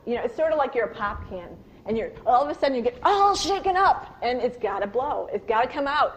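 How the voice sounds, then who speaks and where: A woman giving a live workshop talk on parenting, telling animated personal stories and asking her audience questions. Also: poor audio. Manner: acts out yelled lines in a high, loud voice. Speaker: parenting and communication speaker.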